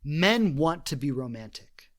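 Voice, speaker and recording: A man's voice: on the high side, big pitch swings, measured pace. A man hosting a relationship podcast, talking earnestly in a reflective monologue and retelling stories with quoted voices. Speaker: podcast host.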